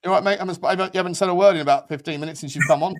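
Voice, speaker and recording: A man's voice: sits high, rapid-fire. A man hosting a casual group chat, chatty and bantering with his guests. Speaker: podcast host.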